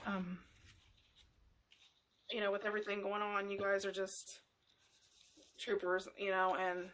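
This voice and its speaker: Middle-aged woman doing a craft tutorial, rambly, lots of ums, pretty flat voice. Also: medium pitch. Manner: rambling, halting, full of fillers and restarts. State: emotional, near tears. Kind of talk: casual craft tutorial talk.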